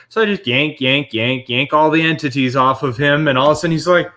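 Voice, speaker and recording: A man with a somewhat high voice chats casually as a podcast host. He tells stories with lively energy and laughs often while recalling them. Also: fast talker, few pauses. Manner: animated storytelling, laughs often. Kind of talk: casual chat.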